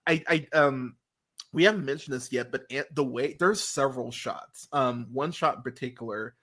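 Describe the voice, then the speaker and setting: A man hosting a casual review podcast, talking animatedly and swearing, his voice jumping up high when he gets worked up. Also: moderate pace, a bit bright. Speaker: podcast host.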